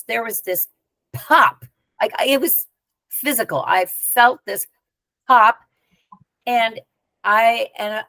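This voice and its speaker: Woman guest recounting an anecdote, chatty and lively, recorded dry and close. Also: mid-range voice, no echo. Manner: lively anecdotal telling with conversational asides. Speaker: spiritual teacher and guest. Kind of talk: storytelling in a podcast interview.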